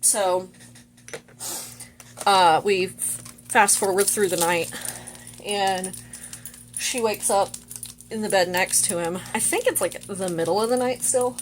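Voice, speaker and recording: A young woman chats her way through a movie recap, full of "like" and quick asides. Her voice sits in a middle register, and a faint hum runs behind her. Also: mid-range voice. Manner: chatty, full of "like". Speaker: vlogger.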